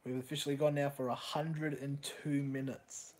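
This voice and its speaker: A young man hosting a live stream, reacting excitedly to a football match, swearing casually and reading out chat messages. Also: mid-range voice, normal speed.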